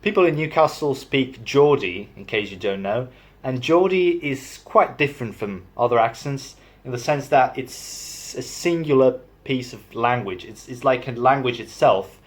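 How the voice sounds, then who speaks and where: A man's voice: mid-range voice, lively intonation, normal speed. Chatty young man explaining accents. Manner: chatty, self-deprecating. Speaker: language assistant. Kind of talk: casual accent demo video.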